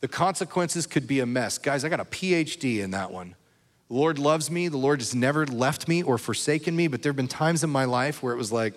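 A man's voice: medium pitch, animated, a little fast. A man preaching a sermon as pastor, talking in a conversational way and checking in with his listeners. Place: church. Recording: reverberant hall.

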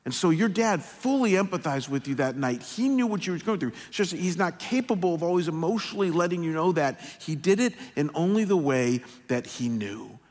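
A middle-aged male pastor telling a personal story in a sermon, slow and earnest, often pausing. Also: fairly high pitch. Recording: long hall reverb.

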